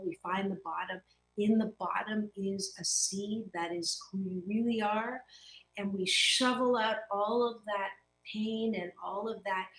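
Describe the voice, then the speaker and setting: A woman's voice: medium pitch, a bit bright, reverberant, a little hiss or hum, rough recording. A woman hosting a motivational talk show as a happiness coach, speaking earnestly and emphatically, with playful stand-ins for swear words.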